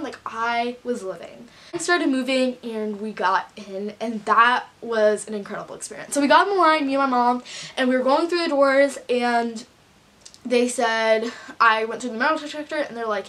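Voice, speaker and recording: A teenage American girl tells a casual storytime vlog, gushing and dropping "like" constantly in filler-heavy speech. Her fairly high voice is bright and forceful, at a moderate pace.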